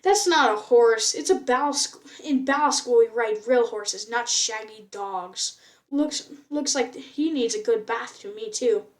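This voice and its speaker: A woman's voice: on the high side, unhurried, natural voice. A woman reading aloud and voicing an arrogant teenage boy, an apprentice warrior, in a sarcastic, mocking tone. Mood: sneering.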